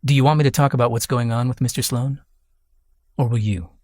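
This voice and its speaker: A man voicing a confident detective who talks quickly and bluntly. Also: mid-range voice, fairly even intonation, darkish tone, no echo, clean studio sound, close to an everyday voice. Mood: brisk.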